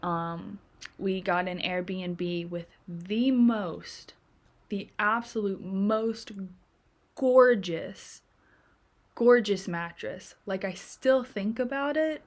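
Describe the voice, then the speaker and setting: A woman's voice: mid-range voice, takes it slowly. A young American woman telling stories in casual chat as a streamer, chatty and acting out quoted voices. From United States.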